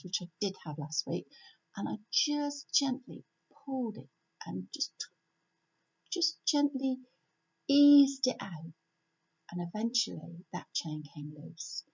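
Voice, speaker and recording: An older woman giving a homely, gentle devotional talk from home, repeating her key phrases. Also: mid-range voice, husky. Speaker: church speaker. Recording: dull lo-fi home recording.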